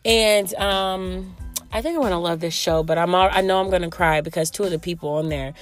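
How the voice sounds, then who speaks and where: A woman hosting a casual podcast, talking loudly and joking with speech. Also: lowish voice, brisk, soft background music. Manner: loud, animated, joking, with bursts of laughter. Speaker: podcast host.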